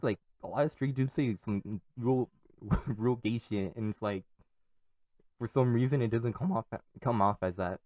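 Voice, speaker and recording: A man's voice: on the low side, darkish tone, no echo. A young man from California, rambling on his own podcast, swearing a lot and laughing at his own stories. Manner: profane, rambling, laughs often. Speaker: podcast host.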